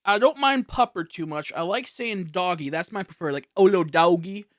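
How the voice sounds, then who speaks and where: A man's voice: high voice, lively intonation, a bit bright, no echo. Rambling young man streaming, dry close sound. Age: late 20s. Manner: rambling, laughing, loose and slowed. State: a little high. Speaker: livestreamer. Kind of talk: casual livestream chat reading donations. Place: home streaming setup. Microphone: high-end studio microphone.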